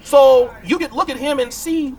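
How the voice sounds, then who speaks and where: A woman's voice: high voice, normal speed, a crowd in the background. A woman giving opinion commentary, arguing her point with rhetorical questions. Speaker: political commentator.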